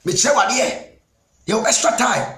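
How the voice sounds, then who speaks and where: Ghanaian evangelist, very high voice, preaching with bursts of shouting; roomy echo. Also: male voice, expressive, normal speed. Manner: emphatic, punctuates with "Amen", bursts into shouts. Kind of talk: sermon mixing Twi and English.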